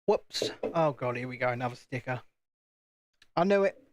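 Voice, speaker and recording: A man's voice: mid-range voice, animated, normal speed, a little hiss or hum. A British man chatting casually on a live stream while building, talking to himself and joking at his own expense. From United Kingdom. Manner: chatty, self-deprecating, talks to himself.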